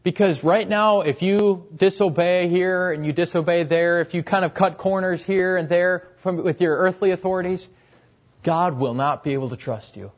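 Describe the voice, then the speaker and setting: Young guy preaching a sermon, kinda high voice, repeats his points, voice sinks at the ends, muffled old recording. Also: moderate pace. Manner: earnest, repeats key phrases, voice drops at ends of points. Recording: dull, lo-fi recording.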